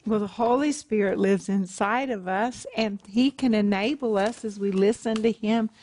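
A woman co-hosting a Bible teaching program, speaking with warm conviction. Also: mid-range voice, moderate pace, a little hiss or hum. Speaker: co-host.

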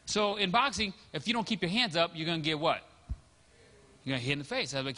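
A man's voice: high voice, sing-song, a little fast, pushed and bright, big-room sound. A man preaching a sermon as a pastor, telling stories in a conversational way and acting out what people said. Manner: conversational storytelling, acting out quoted dialogue.

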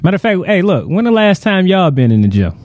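Chill podcast host guy, mellow low-key tone, slangy and rambly, dry close sound. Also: sing-song, fast, no echo. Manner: laid-back, slangy, rambling with fillers. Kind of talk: casual chat.

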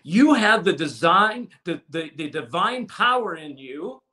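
A man preaching a sermon with passion, swinging from loud to hushed and repeating words as he restarts phrases. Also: high voice, very animated, measured pace. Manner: impassioned preaching with sudden swings from loud to soft. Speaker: pastor.

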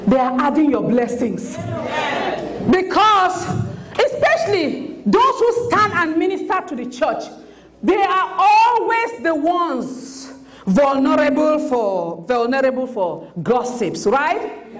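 A woman pastor preaching an animated sermon with emphatic bursts of shouting. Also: high-pitched, slow, echoey room.

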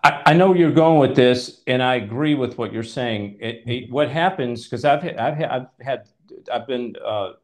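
A man's voice: mid-range voice, normal speed, a little mellow. A man hosting a conversational Bible teaching, emphatic and at times exasperated as he reads scripture aloud. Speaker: host and preacher.

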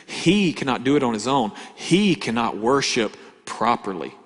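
A man preaches in a big church sanctuary, his medium-pitched voice trailing off into a long reverb. He talks to the congregation with rhetorical questions, pushing some phrases loud and dropping others to a hush. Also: big pitch swings, normal speed. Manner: conversational preaching with rhetorical questions and dramatic shifts in volume. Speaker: pastor. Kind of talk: sermon. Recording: hall reverb.

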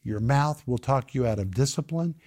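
A man's voice: medium pitch, animated, moderate pace, darkish tone. A man teaching a Bible study, emphatic and repetitive, drawing out key words and asking his listeners questions. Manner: emphatic, repeats key phrases, asks the group questions.

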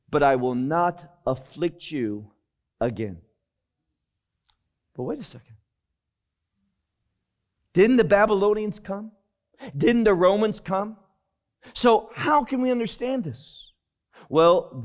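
A man preaching a Bible teaching sermon, slowly and emphatically explaining Hebrew words verse by verse. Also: sits high.

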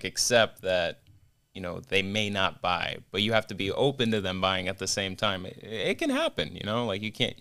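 Man, podcast guest, bright tone, smooth clear voice, casual animated storytelling, swears. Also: sits low. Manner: animated, acts out quoted voices.

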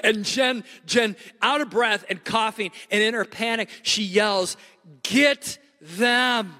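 Middle-aged male pastor, emphatic storyteller; bright, forward tone in a reverberant hall. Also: high-pitched, unhurried. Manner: animated, repetitive restarts, emphatic. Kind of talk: sermon storytelling.

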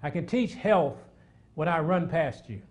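A middle-aged man preaching a sermon, animated and repetitive, with asides to the congregation. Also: a little high, measured pace.

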